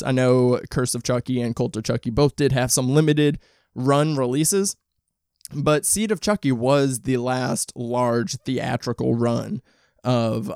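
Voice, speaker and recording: A man hosting a casual solo podcast, talking in a rambling, candid, profane way with many restarts. His throat is dry and rough today. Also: medium pitch, a little mellow, dry recording. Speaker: podcast host.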